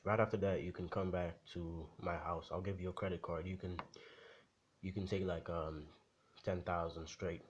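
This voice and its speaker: Cocky boy genius read by a man in his own deep voice, easygoing and slangy, faint hiss. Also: little pitch movement, normal speed, close to an everyday voice. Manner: casual, reassuring, slangy.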